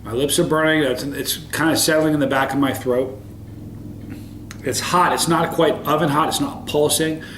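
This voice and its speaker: A man with a slightly high voice talks through a pepper tasting review to camera. He is upbeat but halting, full of ums and restarts, and the room around him rings with echo. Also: fairly even intonation, fairly bright tone, slight background noise. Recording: roomy echo.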